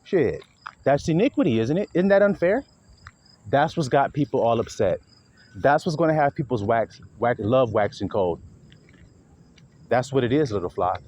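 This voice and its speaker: A man's voice: mid-range voice, big pitch swings, moderate pace, long pauses, a little mellow, lo-fi sound, a little hiss or hum. A man preaching an informal sermon, blunt and profane, acting out quarrels in other voices.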